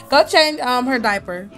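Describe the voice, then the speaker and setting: Chatty laughing woman with a slightly high voice. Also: fairly bright tone. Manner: chatty, laughs often, talks back to her characters. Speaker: let's play host. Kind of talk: casual gameplay commentary.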